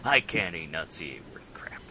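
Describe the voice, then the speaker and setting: Man, podcast host, lively pitch, bright tone, headset mic, casual rambling chat. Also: measured pace, a little hiss or hum, rough recording. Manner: rambling, self-mocking, laughs often.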